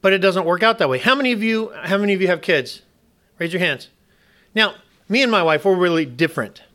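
A man's voice: high-pitched, lively intonation, a little fast, sharp tone. A man preaching a sermon, emphatic and questioning the congregation, often restarting and repeating words.

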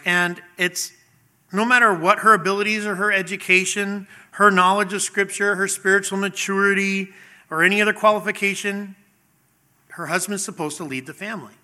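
A man's voice: high voice, pushed and bright. A middle-aged man preaching a sermon in a conversational way, asking the congregation questions and acting out little scenes. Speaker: pastor.

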